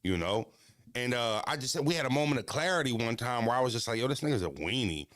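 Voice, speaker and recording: A man's voice: medium pitch, fast, no echo. Male podcast host, blunt and profane rant, mid-range voice, close and dry. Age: adult. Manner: blunt, profane, animated, stuttering restarts.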